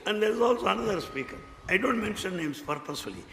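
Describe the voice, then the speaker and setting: An older man with an Indian English accent telling devotional stories in a lively way, acting out what people said. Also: high-pitched, quick pace, gravelly. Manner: animated storyteller, acts out quotes, laughs often. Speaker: spiritual speaker. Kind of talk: devotional talk with anecdotes. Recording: echoey hall, faint background noise.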